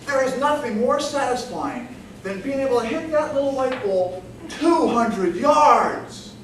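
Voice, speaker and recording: A man giving a humorous competition speech, telling a story with animated comic timing, recorded from a distance in a large hall with the audience laughing. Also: very high voice, unhurried. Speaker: contest speaker. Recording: echoey hall from far off, with room noise.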